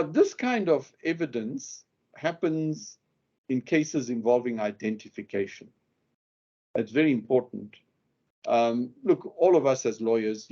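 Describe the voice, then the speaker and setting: A man's voice: mid-range voice, mellow, lo-fi sound. A man teaching lawyers how to question witnesses, who acts out the example questions and leans hard on the key words. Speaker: legal skills instructor. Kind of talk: lecture on courtroom questioning.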